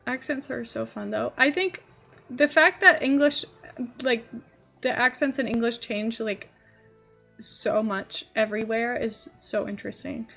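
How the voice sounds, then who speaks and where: A woman's voice: on the high side, a little slow, gravelly, fairly bright tone, faint music behind. A young woman streaming live, rambling casually and thinking aloud as she builds in a game. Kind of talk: casual livestream chat while building in a game.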